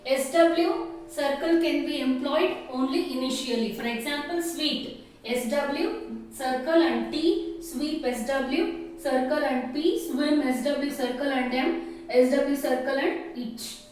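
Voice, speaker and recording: A woman teaching shorthand step by step, slowly and methodically naming each stroke. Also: high voice, a little mellow, far from the mic. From India. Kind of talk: step-by-step classroom explanation. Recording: echoey room, off-mic, faint noise.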